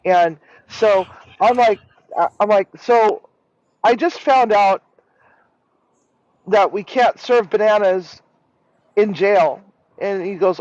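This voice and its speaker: A man in a casual live-stream chat, telling a rambling, animated story and swearing freely. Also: high-pitched, a little slow, long pauses, no room sound. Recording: dull lo-fi sound.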